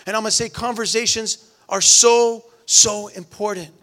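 Earnest higher-voiced man preaching. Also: steady tone, moderate pace, a bit bright. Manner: earnest, storytelling, repeats words. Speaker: pastor. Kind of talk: sermon.

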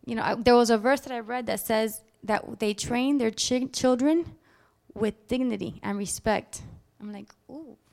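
Animated woman preacher, slightly high voice. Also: normal speed, vocal fry. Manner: animated, acts out scenes with sudden loud outbursts. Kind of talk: sermon.

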